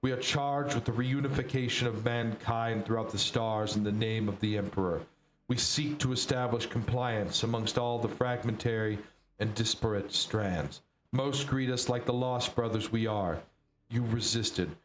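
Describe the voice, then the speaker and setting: A man voicing a calm, measured male soldier captain. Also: medium pitch, slight background noise, close to an everyday voice. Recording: roomy echo.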